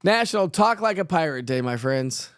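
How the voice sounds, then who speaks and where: A man's voice: a little high, animated, normal speed, smooth, no room sound, clean studio sound. A man hosting a casual live weather show, chatty and playful, who jokes at his own expense and laughs often. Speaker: weather forecaster host.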